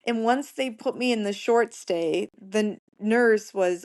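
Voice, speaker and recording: A woman's voice: medium pitch, a little slow, a little mellow. A woman guest on a podcast, earnestly recounting a personal ordeal in plain words, repeating phrases for emphasis. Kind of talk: recounting a personal story in conversation.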